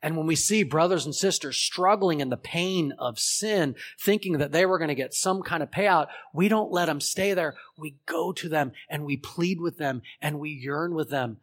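Male preacher, fairly high voice, dramatic storyteller who acts out parables and quizzes the room. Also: normal speed, few pauses. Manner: storytelling, acts out parable voices with big swings from shouts to hushed tones; asks the congregation questions. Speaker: pastor. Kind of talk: sermon.

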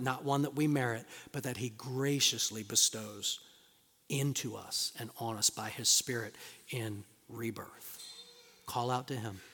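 A man's voice: mid-range voice, fairly bright tone. A man preaching a sermon to his church, reading scripture aloud and building to emphatic, rising bursts. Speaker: pastor. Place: church sanctuary. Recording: long reverb of a large hall.

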